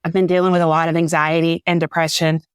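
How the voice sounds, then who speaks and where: A woman's voice: sits low, level tone, quick pace, smooth, no echo, clean studio sound. A woman, a podcast guest giving an earnest, faith-filled personal testimony, a little teary. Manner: earnest, faith-filled storytelling, says "y'all".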